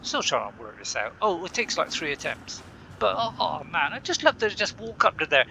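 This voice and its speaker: A man's voice: fairly high pitch, sing-song, moderate pace, creaky, bright, forceful tone, a little hiss or hum. A man rambling casually through gameplay commentary, chatty and laughing often, talking to himself. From Bristol, England. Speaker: gaming channel host.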